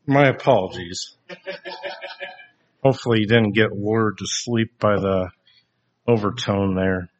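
Slow, thoughtful man on a dull recording. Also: fairly low pitch. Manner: unhurried, thoughtful, a little self-deprecating. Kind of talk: reflective Christian commentary.

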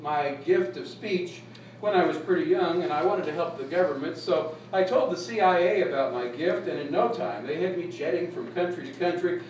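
A man's voice: fairly high pitch, a little mellow, natural voice. A man voicing a boastful old male talking dog who rambles matter-of-factly about his exploits, heard from a distance in an echoey room with faint noise. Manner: rambling, matter-of-fact bragging.

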